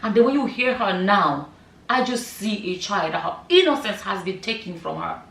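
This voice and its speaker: A woman's voice: mid-range voice, expressive, normal speed, creaky, fairly bright tone. A middle-aged woman giving casual vlog commentary, emphatic and full of rhetorical questions and "you know" asides. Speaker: vlogger. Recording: echoey room, voice a bit far from the mic.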